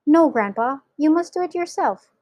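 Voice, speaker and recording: Woman doing a polite little boy, earnest, kinda higher voice, dry close recording. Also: lively intonation, normal speed, a little mellow, dry recording, lo-fi sound. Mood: insistent.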